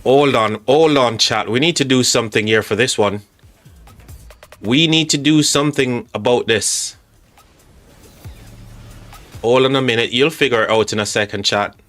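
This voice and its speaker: This man's voice is medium in pitch and fairly bright, moving at a normal speed but broken by long pauses. He's hosting a live game stream, chatting and joking with viewers, calling them mate, as faint music plays underneath.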